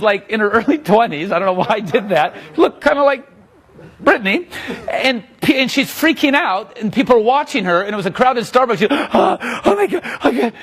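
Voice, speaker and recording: A man with a slightly husky, raised voice leads a live lecture in front of an audience. His pitch jumps around a lot as he jokes and pokes fun at himself, then settles back into explaining. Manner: joking, animated, self-mocking. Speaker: magician teaching a live lecture.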